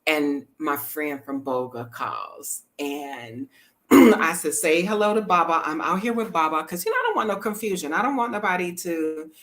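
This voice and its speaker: A middle-aged woman, chatting to viewers in a lively storytelling vlog and laughing often. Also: low voice, normal speed. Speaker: travel vlogger.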